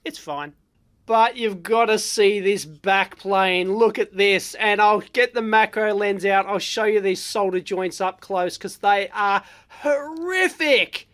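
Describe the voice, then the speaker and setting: An Australian woman hosting an electronics vlog, giving blunt, excitable, unscripted commentary with frequent exclamations and fillers. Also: medium pitch, a little slow. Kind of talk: casual unscripted teardown commentary.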